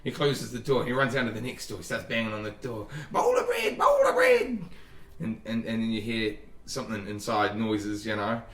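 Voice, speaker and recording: A man's voice: lowish voice, little pitch movement, a little fast, few pauses, fairly bright tone. A man narrating as dungeon master in a tabletop game, rambling loosely with frequent restarts. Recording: echoey room, far from mic.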